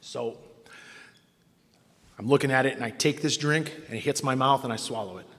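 A middle-aged man shares his own recovery story with a meeting, candid and poking fun at himself. His voice sits in the mid range with a fairly bright tone, and he speaks at a moderate pace. The recording carries a long hall reverb.

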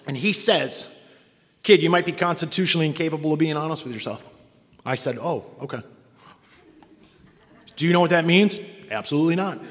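A man from Cleveland telling his own recovery story to a meeting, wry and self-mocking, acting out the people he quotes. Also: mid-range voice. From Cleveland, Ohio. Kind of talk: personal story told to an audience. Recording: long reverb from a hall.

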